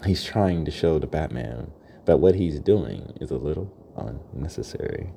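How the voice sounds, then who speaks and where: A young man with a very deep, dark voice and a gravelly edge talks through a loose solo podcast monologue. He rambles reflectively, laughs easily and keeps asking "right?" A faint hiss sits under the voice. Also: animated, moderate pace. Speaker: podcast host. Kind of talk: freestyle monologue.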